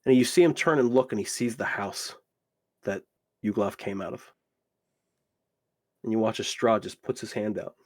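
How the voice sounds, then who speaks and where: A man's voice: on the low side, moderate pace, pauses often. A man running a tabletop game as dungeon master, narrating in a rambling way. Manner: rambling, repeats "you watch" and "literally".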